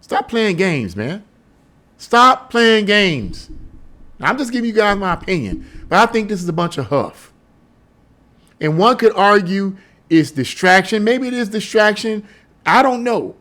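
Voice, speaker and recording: A man's voice: sits high, sing-song, moderate pace, a bit bright. A man giving his political opinions in a casual vlog, emphatic and scoffing, with lots of rhetorical questions. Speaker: political commentator.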